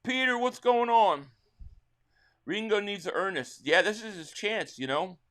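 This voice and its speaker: A man hosting a live sports reaction stream, calling plays excitedly and answering chat, his voice a little worn. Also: sits high, measured pace. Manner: excitable play-by-play calling, reading viewer chat. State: slightly losing his voice.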